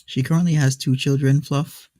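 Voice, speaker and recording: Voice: mid-range voice, steady tone, moderate pace, mellow, no room sound. A channel host from Canada giving sarcastic reaction commentary with dry, mocking asides. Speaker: channel host reviewing a video.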